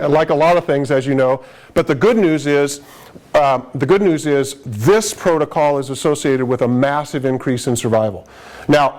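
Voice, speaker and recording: A man giving a conversational live lecture to paramedics, stressing key points with frequent restarts. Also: on the high side. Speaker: emergency medicine lecturer.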